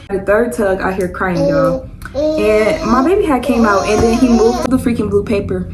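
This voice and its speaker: A woman's voice: mid-range voice, fairly quick, a little hiss or hum, poor audio. A young woman telling a personal story to her viewers in a loose, rambling, chatty way. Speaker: vlogger. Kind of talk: casual storytime chat.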